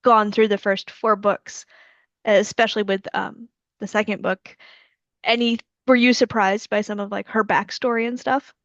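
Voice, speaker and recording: An American woman, an author hosting a relaxed interview over a video call, asking friendly questions and giving brief agreements. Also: mid-range voice, moderate pace, no echo. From United States. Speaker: author and host. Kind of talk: casual interview chat. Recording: slightly muffled video call audio.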